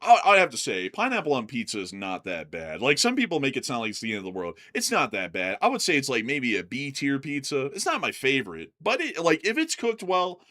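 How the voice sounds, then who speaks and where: A man co-hosting a show, giving opinions in animated casual chat. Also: medium pitch, brisk, hardly any pauses. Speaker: co-host.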